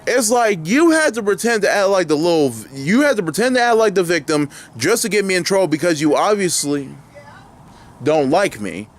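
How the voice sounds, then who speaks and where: A man's voice: high-pitched, sing-song, normal speed. Indignant young man ranting outdoors. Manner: indignant, rambling with many fillers and restarts. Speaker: vlogger. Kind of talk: angry ranting vlog. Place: outdoors near his apartment.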